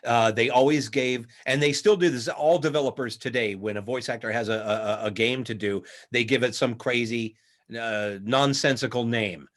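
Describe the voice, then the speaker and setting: A man, a voice actor guest in a casual interview, telling lively stories and slipping into voices. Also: medium pitch, normal speed. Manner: lively anecdotal, acts out voices mid-story.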